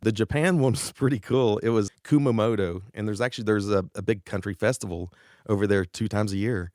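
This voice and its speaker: Low-voiced man telling road stories, dry sound. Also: a little fast, no echo. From East Tennessee. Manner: animated anecdotes with laughs and quoted voices. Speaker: guest musician. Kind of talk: casual interview storytelling.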